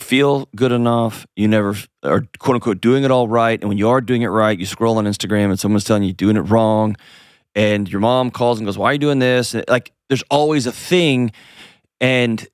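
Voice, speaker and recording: A man's voice: on the low side, normal speed, clean tone, no room sound, clean studio sound. A man hosting an advice call-in show, talking in a direct, coaching way with playful asides. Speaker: host.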